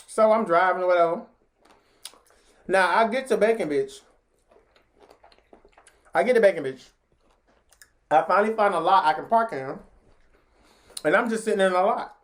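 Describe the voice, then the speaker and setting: A woman's voice: moderate pace, long pauses. A woman telling a story in a casual vlog, chatty and slangy, talking straight to her viewers. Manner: animated, jumps into high pitch when acting out what people said.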